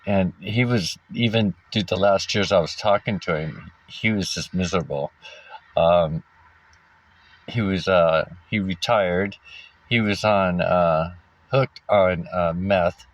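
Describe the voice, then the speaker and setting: A man casually telling a personal story, halting often with fillers and restarts and giving wry little laughs. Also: sits low, no echo. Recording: dull lo-fi recording.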